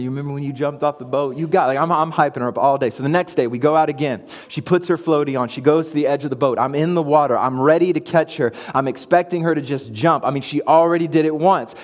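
A man in his thirties, a pastor preaching a sermon and telling a family story, moving from hushed to excited. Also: a little high. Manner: storytelling, swings from hushed to hyped. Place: church sanctuary. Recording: long church hall reverb.

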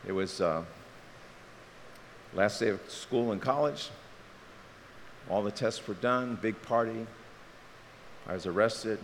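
A middle-aged man from Maryland preaching a sermon, an animated storyteller who tosses in joking asides. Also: lowish voice, slow pace, pauses often. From Maryland, USA. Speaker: pastor. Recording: reverberant hall, faint hiss.

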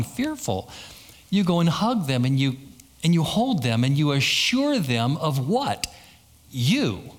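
A man's voice: fairly high pitch, a bit bright. A man preaching a sermon as pastor, telling stories and acting out quoted lines with a lot of repetition. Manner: storytelling with acted-out quotes and repetition.

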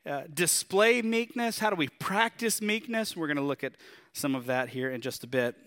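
A man with a Southern drawl preaching a sermon in a conversational, animated way, asking his listeners questions. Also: a little high, normal speed. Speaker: pastor.

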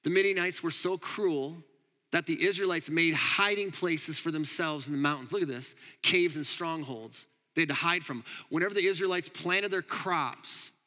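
A male pastor preaches with animated emphasis and frequent laughs. His voice sits high and bright. It rings out with a long reverb, as if in a large hall. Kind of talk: sermon.

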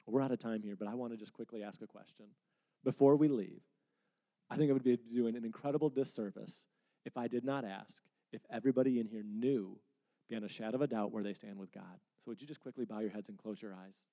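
In a sermon Q&A, a man serving as pastor responds to a congregant's question with a relaxed, mellow, earnest, conversational manner. He speaks fast in a mid-range voice, from time to time performing little quotes more animatedly.

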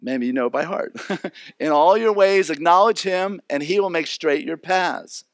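A man preaching a sermon, animated, acting out the people in his stories. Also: on the high side, normal speed, no echo. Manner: animated, acts out characters. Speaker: pastor.

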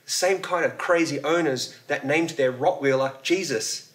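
A pastor telling a joke, voicing a preachy male parrot that keeps warning a burglar, in a slow, raised voice. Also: a little high, a bit bright, recorded from a distance, lightly acted. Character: a preachy male pet parrot, calm and insistent.

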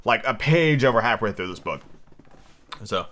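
A man's voice: lowish voice, animated, moderate pace, fairly bright tone. A drunk, tired man hosting a solo podcast, rambling and swearing casually between book readings. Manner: rambling, profane, full of fillers. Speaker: podcast host.

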